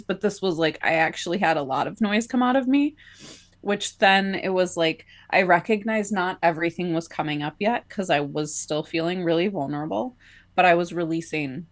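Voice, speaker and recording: A woman co-hosting a podcast, telling a personal story in a casual, chatty way with lots of filler likes. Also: fairly low pitch. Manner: chatty, many filler likes, laughs between phrases. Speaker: podcast co-host.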